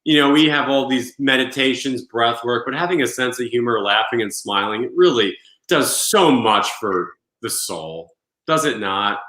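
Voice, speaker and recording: A host with a bright, forceful voice, talking in an echoey room. Musing and reflective, they toss out rhetorical questions to their guest. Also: medium pitch, lively intonation, normal speed. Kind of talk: casual conversation.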